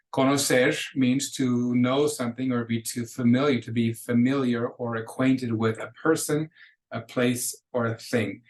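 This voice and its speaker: A male teacher speaks to his students in a recorded lesson, walking them through verb forms one step at a time. His pitch sits in the middle range. It stays flat and even, with little rise or fall. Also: low-quality recording. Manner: explanatory, patient, switches between English and Spanish examples. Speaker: Spanish teacher. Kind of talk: recorded lecture over slides.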